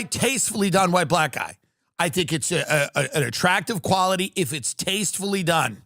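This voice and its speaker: In studio-quality audio with no room sound, a high-pitched middle-aged man from New York rambles through joke-filled stories on a casual live stream. He rants animatedly and does impressions when quoting people.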